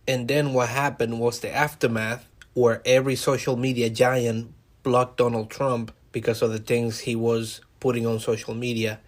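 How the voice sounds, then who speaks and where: A man hosting a solo podcast, talking casually and wryly to his listeners in a conversational monologue. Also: mid-range voice. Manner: conversational, wry, addresses listeners directly. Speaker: podcast host.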